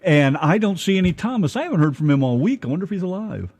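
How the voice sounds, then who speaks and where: Husky, joking American radio co-host. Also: male voice, sits high, very animated, quick pace, darkish tone. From United States. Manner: joking, rambling, loose. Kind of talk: casual radio banter.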